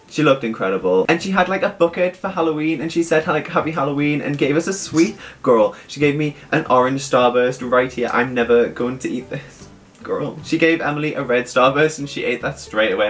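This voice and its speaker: A young man, telling an excited storytime vlog and gushing as he quotes the people he met. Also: medium pitch. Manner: gushing, animated, quotes others in lively asides. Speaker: vlogger.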